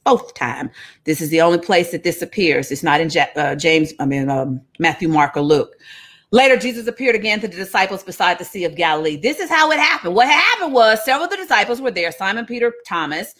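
A woman's voice: on the low side, lively intonation, brisk, fairly bright tone. Playful woman leading Bible study. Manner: playful, humorous asides, slangy. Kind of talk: casual livestreamed Bible teaching.

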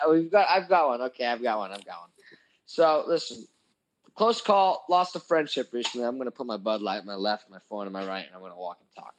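A young man telling a crude, profane story in a casual chat, animated and full of swearing. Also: mid-range voice, fairly quick, poor audio. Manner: animated, crude, swears a lot, voices his own anger. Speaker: podcast host telling a story.

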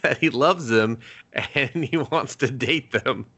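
A man's voice: medium pitch, takes it slowly, husky. A man co-hosting a podcast, casually retelling an anime plot with lots of swearing and acted-out lines. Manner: animated retelling, acting out characters' lines; swears freely. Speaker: podcast co-host. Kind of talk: casual anime review chat.

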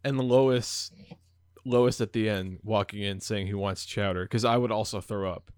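A man's voice: lowish voice, steady tone, measured pace, no room sound. A young man co-hosting a podcast, chatting casually with dry, teasing jokes. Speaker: podcast co-host. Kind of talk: casual chat.

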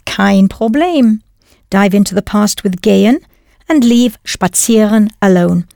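A woman's voice: medium pitch, a little slow, creaky, mellow, dry recording, studio quality. A woman narrating a scripted audio language lesson, patiently prompting the learner and then confirming each answer. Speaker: language teacher.

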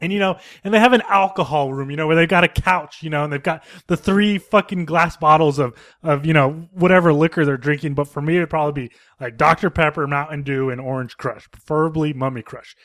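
A man hosting a casual podcast from home, retelling a film in a rambling, profane, animated way. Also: fairly high pitch, fairly quick. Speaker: podcast host.

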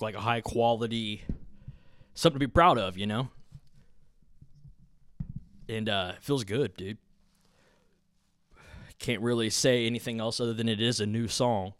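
A man's voice: lowish voice, no echo, studio quality. A man with a Southern Ohio accent hosting a solo podcast, talking off the cuff in a profane, rambling, laid-back way. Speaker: podcast host. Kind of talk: unscripted solo podcast chat.

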